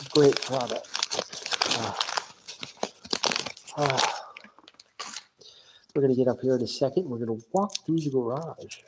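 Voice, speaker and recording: The audio is very noisy, carrying a man's mid-range voice. He's hosting a casual solo livestream from his home garage on a phone camera, rambling and posing many questions to viewers who aren't around.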